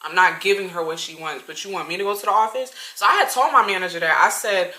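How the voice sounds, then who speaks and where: A woman in her twenties telling a storytime vlog, slangy and animated, talking straight to her viewers. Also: lowish voice, fast, few pauses, reverberant, low-quality recording. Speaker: vlogger.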